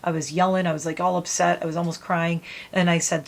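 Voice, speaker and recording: Soothing woman vlogger, lowish voice. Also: little pitch movement, fast talker, vocal fry. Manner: gentle, soothing, meditative. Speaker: beauty vlogger. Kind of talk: casual heartfelt talk to camera.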